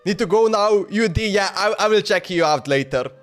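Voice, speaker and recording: A talkative male streamer on a live stream, chatting loosely with his viewers in broken English. His voice is high for a man, and he laughs often. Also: lively intonation, moderate pace, a bit bright, soft background music. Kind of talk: casual live-stream chat.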